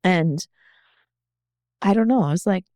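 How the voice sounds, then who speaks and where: A woman's voice: lowish voice, unhurried, darkish tone, no echo, clean studio sound. A woman guest on a podcast, telling her story in a candid, earnest and reflective way.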